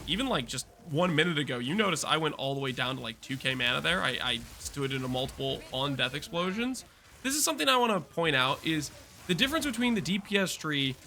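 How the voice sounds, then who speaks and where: A man's voice: a little high, sharp tone, a little hiss or hum. A man casually talking through a game build guide while playing, chatty and explanatory, with loose restarts. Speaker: gaming content creator.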